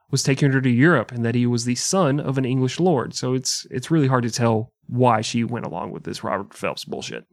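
A man's voice: medium pitch, a little mellow, no room sound, clean studio sound. A man co-hosting a casual comedic history podcast, joking and laughing often as he tells the story. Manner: jokey, laughs often, breaks into mock singing. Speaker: podcast co-host.

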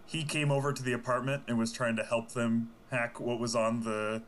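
A man's voice: mid-range voice, little pitch movement, moderate pace, a bit bright, a little hiss or hum. A man co-hosting a podcast in casual chat, telling stories and laughing a lot. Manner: laughing, storytelling, questioning. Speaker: podcast co-host.

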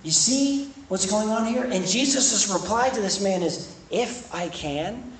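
A man's voice: high voice, lively intonation, normal speed. A young man preaching to a campus ministry in a conversational style that swells into emphatic points. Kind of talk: sermon. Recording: echoey room, distant mic, faint noise.

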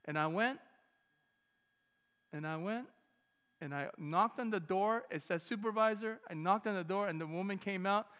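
Male pastor, sermon storytelling, animated, emphatic bursts, long church reverb. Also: sits high, moderate pace, pauses often. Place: church sanctuary.

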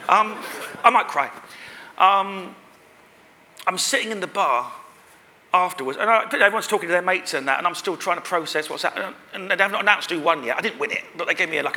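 A man's voice: fairly high pitch, pushed and bright. A man, a guest at a live podcast recording, telling a rambling, self-deprecating story on stage. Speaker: guest performer. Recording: live venue with long reverb.

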